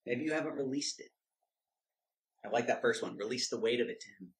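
A man's voice: mid-range voice, fairly quick, long pauses. A man giving informal Bible teaching in an emphatic, direct way that turns into preaching. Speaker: Christian video teacher.

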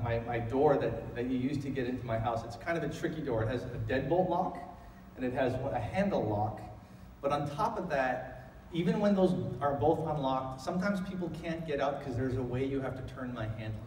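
A middle-aged man with a slightly high voice preaches a Sunday sermon, talking to the room conversationally and swelling into emphatic calls. He sounds a little distant from the mic, and his voice rings through a long, echoing church hall. Faint room noise sits underneath. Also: darkish tone. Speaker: pastor. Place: church sanctuary.

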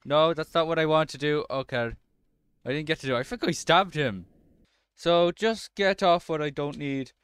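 A man's voice: fairly high pitch, normal speed, a bit bright, smooth, no room sound. A man doing let's-play commentary, swearing and breaking into frustrated outbursts at the game.

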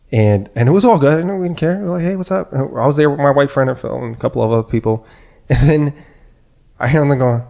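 A man hosting a casual podcast chat, telling a story in an animated way and acting out the people he quotes. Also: mid-range voice. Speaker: podcast host.

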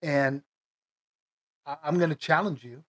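A middle-aged man from the United States, telling a personal story in a casual, emotional, halting way, with many restarts. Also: a little high, no echo. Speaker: vlogger.

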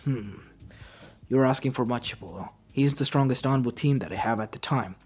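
A man voicing a measured old village leader. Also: mid-range voice, a little mellow, husky, close to an everyday voice. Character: aging male village leader, measured and cautious. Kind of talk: fan story narration. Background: faint lo-fi music.

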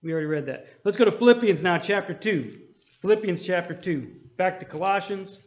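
High-voiced man teaching in an echoey church. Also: expressive, a little fast. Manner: conversational, asks the room for amens. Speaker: Bible study teacher. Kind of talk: Bible study teaching. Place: church hall.

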